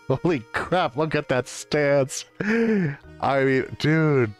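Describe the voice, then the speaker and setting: A man's voice: on the high side, animated, drawn-out words, faint music behind. A man streaming a video game, giving wry, joking commentary with exaggerated exclamations. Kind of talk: let's-play commentary.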